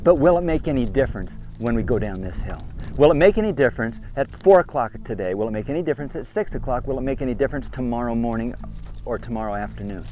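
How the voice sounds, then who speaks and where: A man's voice: mid-range voice, animated, fast talker, mellow, slight background noise. A man leading a group outdoors, lecturing them sternly and firing off repeated questions and commands. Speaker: trip leader addressing a group of kids.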